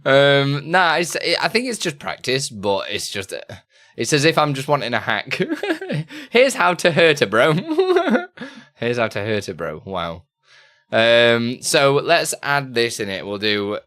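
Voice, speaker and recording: A man's voice: medium pitch, pushed and bright. A man chatting casually on a live stream, reading out chat questions and laughing often.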